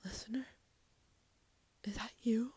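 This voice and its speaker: A woman's voice: fairly high pitch, fairly even intonation, takes it slowly, husky, no room sound, heavily acted. Woman whispering as Henry, an anxious young boy. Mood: hushed relief. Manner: hushed, urgent questions. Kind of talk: whispered role-play.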